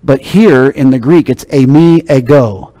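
A man's voice: mid-range voice, a little slow, mellow. A man preaching a sermon, teaching in a conversational, emphatic way. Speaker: pastor.

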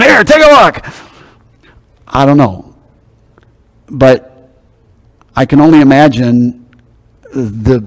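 A man's voice: medium pitch, mellow. A man preaching a sermon, teaching in a conversational, emphatic way. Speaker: pastor.

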